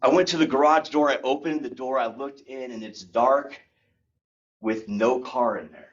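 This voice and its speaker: A young man giving a humorous personal story speech at a speaking club, animated and acting out the scenes. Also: medium pitch, normal speed. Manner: animated, acts out scenes and sound effects. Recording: dull lo-fi recording.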